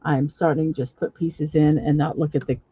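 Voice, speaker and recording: A woman hosting a casual livestream, talking viewers through a building-block project step by step, halting often with fillers and restarts. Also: sits low, steady tone, mellow, husky. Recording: dull lo-fi recording.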